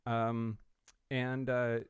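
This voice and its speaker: A man's voice: medium pitch, monotone, extremely slow, clear, resonant tone, no echo. A man co-hosting a podcast, reading out news items with wry asides and frequent fillers in a casual studio chat. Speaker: podcast co-host.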